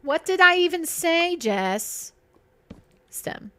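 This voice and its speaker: A woman's voice: very high voice, big pitch swings, takes it slowly, sharp tone. A woman streaming a game, chatting playfully with her viewers and herself. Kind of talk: casual live-stream chat while gaming.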